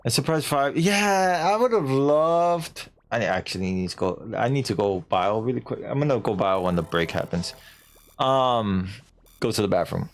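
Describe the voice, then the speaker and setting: With a fairly low voice at a moderate pace, a man chats casually as he streams a video game. Self-mockery runs through his let's-play banter, along with the odd silly put-on voice.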